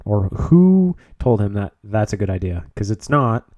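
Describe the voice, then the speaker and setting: A man's voice: lowish voice, big pitch swings, a little slow, mellow, no echo, highs cut off. A young man co-hosting a podcast, laid-back and casual, swearing now and then. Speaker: podcast co-host.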